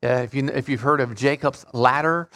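A man's voice: mid-range voice, normal speed, fairly bright tone. A man leading an informal Bible study, reading King James scripture aloud and explaining it with frequent restarts and repeated words. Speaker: Bible teacher.

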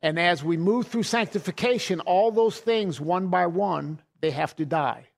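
A man's voice: sits high, measured pace, vocal fry. A middle-aged man preaching a sermon in a folksy way, laughing often and repeating words as he goes.

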